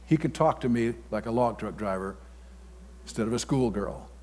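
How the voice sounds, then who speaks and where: A male preacher with a mid-range, expressive voice speaks at a normal speed over a little hiss or hum. His sermon is folksy and blunt, punctuated by sudden loud bursts, and it rings with the long reverb of a large church hall.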